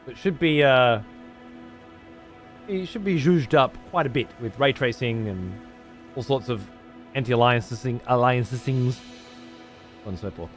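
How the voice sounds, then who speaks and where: A man's voice: medium pitch, measured pace, pauses often, soft background music. Rambling, foul-mouthed male game streamer. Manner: rambling, heavy swearing, chats to viewers. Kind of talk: live gameplay commentary.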